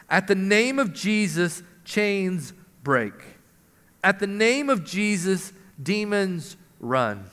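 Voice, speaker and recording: A man's voice: sits high, fairly bright tone. A male pastor preaching a sermon in an earnest manner, rising for emphasis, in a church hall. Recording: long hall reverb.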